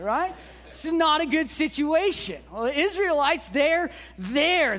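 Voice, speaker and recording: Woman pastor, high unhurried voice, conversational sermon with rhetorical asides. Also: fairly bright tone.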